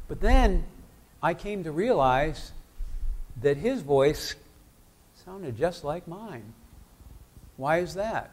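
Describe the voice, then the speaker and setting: Male preacher, church sermon, conversational, asks the congregation questions, voice sits a bit high. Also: lively intonation, slow pace, long pauses, a little mellow.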